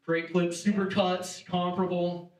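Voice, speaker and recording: A brash young man with a high voice works through a stand-up set, mocking himself and swearing freely. He is picked up from a distance in an echoing theater hall. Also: little pitch movement, measured pace, darkish tone. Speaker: stand-up comedian. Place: theater stage before a live audience. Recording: echoey hall, mic heard from afar.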